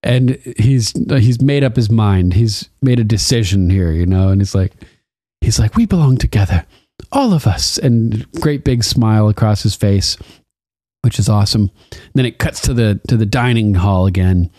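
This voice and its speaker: A man's voice: fairly low pitch, normal speed, dark tone, dry recording, clean studio sound. A man in a casual chat, animatedly retelling a TV episode, laughing often and acting out the quotes. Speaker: podcast co-host recapping a TV episode.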